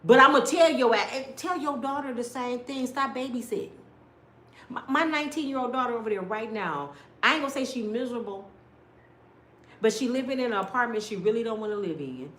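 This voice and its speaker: A middle-aged woman telling stories in a blunt, animated way, sometimes mimicking other people's voices. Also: on the high side, fairly quick, roomy sound, a little hiss or hum. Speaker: storyteller. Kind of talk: casual storytelling rant.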